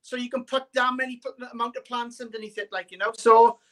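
Welsh male caller, bright sharp tone, casual and hesitant, lots of fillers. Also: extremely high pitch, steady tone, fast. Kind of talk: casual chat.

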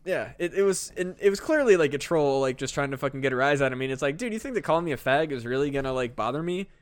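A man's voice: a little high, expressive, very fast, clear, resonant tone. A man co-hosting a comedy podcast, talking in a laid-back, sweary way. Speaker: podcast co-host. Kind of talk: casual chat.

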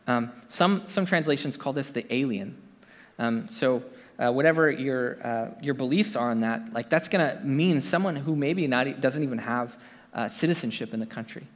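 Male pastor, casual chatty sermon, mid-pitched, long hall reverb. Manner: conversational, many fillers and asides to the congregation.

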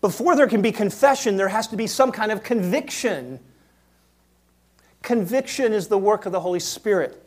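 A man preaching a sermon in a church, moving between quiet asides and loud acted-out quotes. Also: sits high, expressive, moderate pace. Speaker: pastor.

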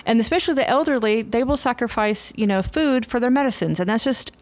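A woman's voice: a little high, quick pace. A woman, a nurse co-hosting a podcast, talking casually with a slight lisp from braces. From United States. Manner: chatty, animated asides.

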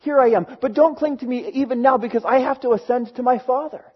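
A man voicing a gentle, reassuring risen male teacher, speaking tenderly and repeating himself on a dull, lo-fi recording. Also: very high voice, fast talker, breathy edge. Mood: tender reassurance. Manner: tender, pleading repetitions.

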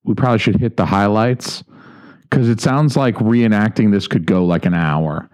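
A man's voice: lowish voice, moderate pace, darkish tone. A man co-hosting a podcast in casual banter, riffing with crude jokes and a mock-preachy tone. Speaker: podcast co-host.

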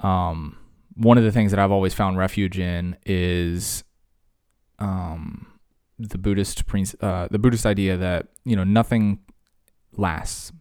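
A man with a very low voice talks in a loose, rambling way, leaning on fillers and then rising into animated bursts. He teaches high school English and grew up in Virginia. The recording is close and dry, with no room sound. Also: slow pace, clean tone, no room sound. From Virginia, USA. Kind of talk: casual conversation.

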